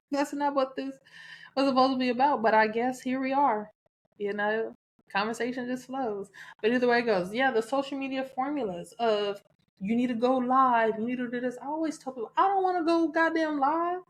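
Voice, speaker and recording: Slightly high-voiced and moderately paced, this podcast host from the American South carries her solo show alone in a candid, chatty style. She has a Southern accent and cusses and laughs without restraint.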